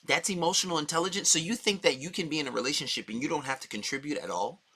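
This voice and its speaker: Blunt, forceful man ranting. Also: fairly high pitch, rapid-fire, slightly rough. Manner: blunt, profane, heated. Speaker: dating coach. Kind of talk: opinionated monologue.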